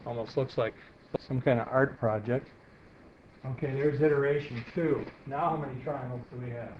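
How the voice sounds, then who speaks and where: The teacher here is a man with a mid-range voice, a steady tone, and a moderate pace, lecturing on math while drawing on the board. He guides students step by step and asks them questions, and the roomy lo-fi recording sounds dull with faint hiss.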